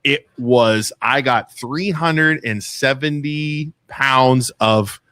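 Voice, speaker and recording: A man co-hosting a casual chat in a studio, talking excitedly with loud laughs. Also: mid-range voice, slow, no room sound. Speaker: co-host. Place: radio studio. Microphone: studio microphone. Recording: dry close studio sound.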